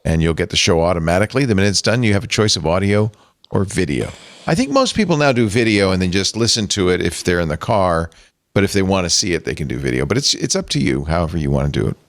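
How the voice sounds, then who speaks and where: In studio-quality audio with no echo, an older tech podcast host speaks fast in a low voice, joking around in animated casual chat and then running through the show's schedule and plugs.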